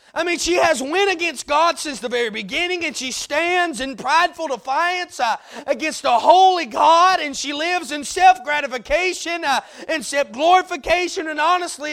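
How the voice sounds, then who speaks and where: A male preacher with a strikingly high, gravelly voice delivers a sermon. He sinks to near-hushed passages and then climbs into loud, emphatic peaks, hammering single words again and again. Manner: repeats key words for emphasis.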